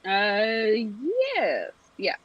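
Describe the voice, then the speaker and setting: A woman playing in a tabletop game, hesitant and counting dice out loud. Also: medium pitch, animated, very slow, no echo, dull audio. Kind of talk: casual chat.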